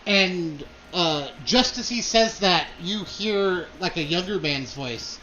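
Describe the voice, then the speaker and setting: A man's voice: high-pitched, lively intonation, slow pace, hardly any pauses, bright, forceful tone, dull audio, slight background noise. A man narrating a tabletop game as game master, describing scenes with many fillers.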